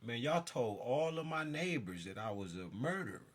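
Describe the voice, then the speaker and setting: A man's voice: medium pitch, very animated, normal speed. A man delivering an intense, profane monologue straight to his listeners, jumping around as he talks. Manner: jumps around while talking. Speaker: self-styled spiritual figure. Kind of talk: ranting monologue to camera.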